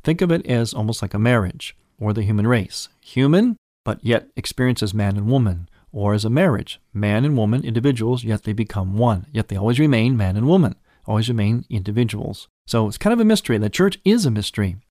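A man, a priest hosting a program, explaining questions of faith in a patient, measured teaching talk. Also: fairly low pitch, expressive, dark tone, no room sound, clean studio sound.

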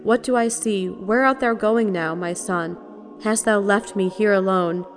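A woman's voice: medium pitch, measured pace, a little hiss or hum, lightly acted. Woman reading as a grieving mother. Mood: mournful. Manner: solemn, archaic prayer language. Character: grieving mother lamenting her dead son. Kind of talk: liturgical reading.

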